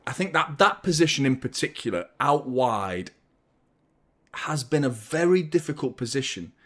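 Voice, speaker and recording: A young man hosting a football watchalong stream, chatting casually, rambling and joking while reading out viewer shout-outs. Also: medium pitch, lively intonation, normal speed. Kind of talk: casual live-stream chat.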